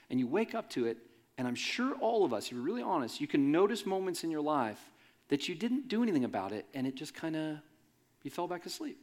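This pastor has a fairly high-pitched voice and talks a little fast as he preaches to his congregation in church. His sermon is animated and conversational, and he jokes with the people listening.

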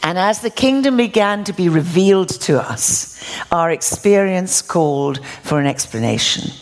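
A woman's voice: fairly low pitch, expressive, moderate pace. An older woman preaching a sermon, telling stories with laughter and acting out the dialogue. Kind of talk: storytelling sermon.

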